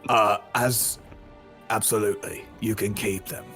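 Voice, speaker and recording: A burly dwarven tavern keeper, as a game master puts him on, friendly and chatty, serving drinks with an easy, hospitable manner. His voice sits at an ordinary middle pitch, unhurried and slow. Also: level tone, fairly bright tone, soft background music.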